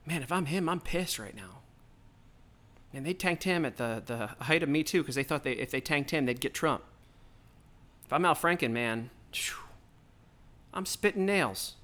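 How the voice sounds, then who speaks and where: A man's voice: a little high, expressive, moderate pace, long pauses, a bit bright. A man hosting his own podcast, delivering a heated, profane, rambling political rant straight into the mic. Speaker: podcast host.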